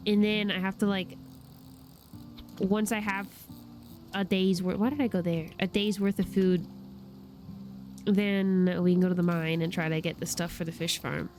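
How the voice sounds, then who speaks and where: A chatty young woman talks through a video game on a desk mic, excitable and quick to laugh. Her voice sits at an ordinary middle pitch. Soft game music runs behind her. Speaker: streamer. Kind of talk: casual gameplay chat.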